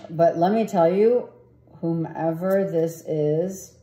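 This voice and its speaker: A woman's voice: on the low side, slow, dark tone, roomy sound. A woman giving a casual tarot reading, rambling and often asking "right?". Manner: rambling, repeats herself, asks "right?". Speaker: tarot reader.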